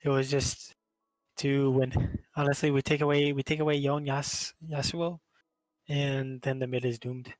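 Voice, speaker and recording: A man's voice: mid-range voice, level tone, measured pace, no echo, low-quality recording. A man, a team player, bluntly explaining his winning game in a casual interview.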